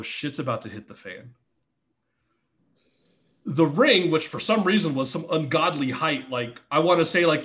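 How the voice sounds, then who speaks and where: Male podcast guest, casual and animated storyteller, a bit higher-pitched, salty language. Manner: animated, profane storytelling that acts out quotes. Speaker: podcast guest, former wrestler.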